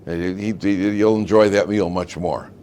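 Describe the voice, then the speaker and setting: A crafty fox sweet-talks a hungry lion in a told fable, as a man puts it on. The voice is low, quiet and reassuring, with a smug edge. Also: fairly even intonation, measured pace, slight background noise. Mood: coaxing. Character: sly scheming fox talking a lion round.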